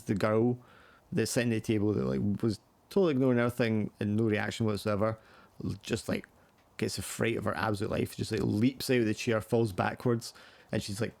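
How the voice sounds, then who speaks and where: A man running a tabletop game, narrating loosely with many fillers. His voice sits low with a gravelly edge, recorded dry and close. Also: a little mellow, dry recording. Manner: rambling, filler-heavy narration. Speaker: game master.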